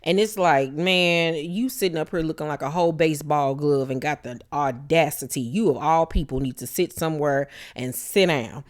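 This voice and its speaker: Low-voiced woman giving a blunt show recap. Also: normal speed, few pauses. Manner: blunt, profane, animated retelling with quoted voices. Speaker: reality TV recap YouTuber.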